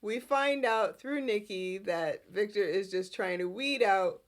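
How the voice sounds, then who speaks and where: A woman hosting a podcast and recapping a soap opera in casual, animated chat with frequent giggles. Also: mid-range voice, measured pace. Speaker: podcast host.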